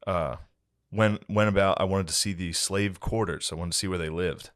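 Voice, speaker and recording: A low-pitched man telling a crude story on a comedy podcast. He keeps laughing as he talks and jumps into high mocking voices whenever he quotes someone. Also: steady tone, normal speed. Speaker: podcast co-host.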